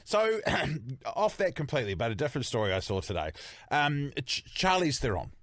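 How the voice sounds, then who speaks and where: A New Zealand man whose voice swings up and down a lot trades crude, lively banter on a podcast. The recording is dry and close, with no room sound. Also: medium pitch, normal speed, no room sound. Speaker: podcast co-host. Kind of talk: casual podcast chat.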